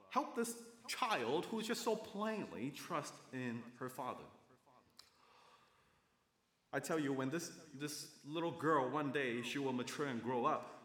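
A man's voice: medium pitch, a bit bright, echoey room. A man preaching a sermon as a pastor, earnest and building emphasis, with occasional self-corrections.

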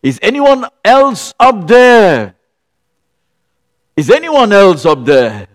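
A man's voice: wildly swooping pitch, unhurried, big-room sound. A preacher acting out a desperate man calling for help. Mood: pleading. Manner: pleading, high and strained. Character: desperate man clinging to a tree on a cliff.

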